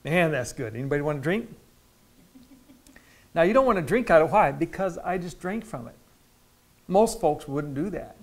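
A male pastor teaching a midweek Bible study in a church, talking conversationally with repeated words and loud emphatic stretches. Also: a little high, expressive, normal speed, pauses often.

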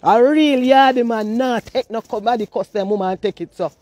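A woman with a Jamaican accent ranting in heavy patois, scolding and animated. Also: fairly high pitch, brisk, no room sound. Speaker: social media personality. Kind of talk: ranting monologue.

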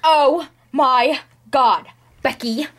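A woman goofing around with mock-dramatic shouting in silly home-video outtakes. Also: high-pitched, drawn-out words.

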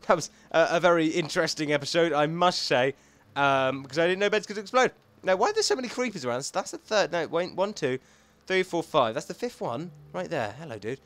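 A young man talking to himself as he plays a video game, rambling and excitable, thinking aloud as he goes. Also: on the high side, a little fast, no room sound. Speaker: gaming YouTuber. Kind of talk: let's play commentary.

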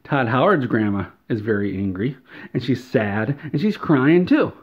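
A man's voice: mid-range voice, lively intonation, moderate pace, dull audio. A man delivering a satirical, mock-outraged rant in an exaggerated, whiny way. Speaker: comedy video creator.

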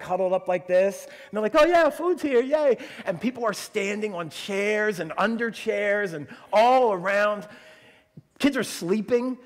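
A man preaching a sermon as pastor, telling a story in an animated way and acting out the quotes. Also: high voice. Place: church sanctuary. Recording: long church reverb.

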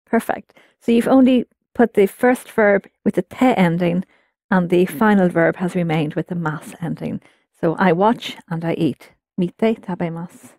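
A woman's voice: on the low side, unhurried, darkish tone, no room sound, studio quality. A woman teaching a language lesson, explaining patiently and prompting her students to answer.

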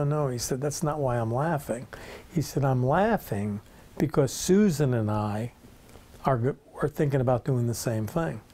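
An older man casually telling the story of how he started his business, relaxed and conversational. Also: medium pitch. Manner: relaxed, conversational, rambling with restarts.

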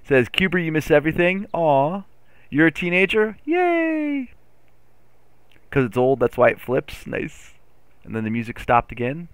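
A man streaming a farming game live, chatting playfully with his chat and getting excitable over his driving. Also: mid-range voice, moderate pace, clear, resonant tone, no room sound. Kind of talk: live gameplay commentary.

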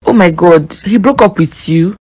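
A woman's voice: fairly low pitch, normal speed, a little mellow, husky, dry recording. Woman voicing a nosy friend in a cartoon, dry recording. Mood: teasing. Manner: teasing, nosy. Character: teasing friend Sarah.

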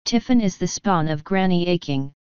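A woman voicing an ancient fairy clan mother, slow and commanding. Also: on the low side, animated, a little mellow, clean tone, dry recording, highs cut off, natural voice. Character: ancient tiny Scottish-voiced fairy clan mother, stern.

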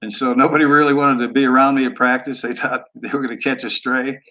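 An older man in his sixties talks in an easygoing, blunt way, dropping curse words as he tells his stories. His voice sits at an ordinary pitch for a man. The audio comes through dull and lo-fi. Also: steady tone, fast, pushed and bright. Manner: laid-back, blunt, cusses freely. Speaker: guest, former football quarterback. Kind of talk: casual storytelling interview.

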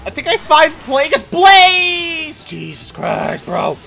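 A young man giving exasperated gameplay commentary and yelling at the game. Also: very high-pitched, sing-song, slow pace, creaky, soft background music. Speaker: gaming channel host.

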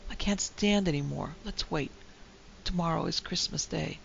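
A woman voicing a tired, unhappy husband in a storybook reading who speaks quietly and steadily. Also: fairly low pitch, normal speed, vocal fry. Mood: weary. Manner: quiet, weary. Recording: dull lo-fi recording with faint hiss.

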